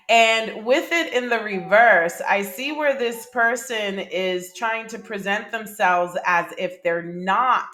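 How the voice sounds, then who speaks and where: A woman's voice: mid-range voice, a bit bright. Chatty woman reading tarot cards. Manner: chatty, emphatic, laughs easily. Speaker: tarot reader. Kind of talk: casual tarot reading to camera.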